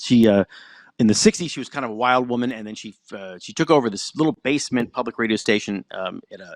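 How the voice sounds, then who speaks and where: Middle-aged American man, guest raconteur, brisk delivery, dry close sound, chatty and lively. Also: fairly low pitch, no room sound. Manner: chatty, animated, acts out quoted voices. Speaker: guest, TV writer and producer. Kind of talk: anecdotal storytelling in an interview.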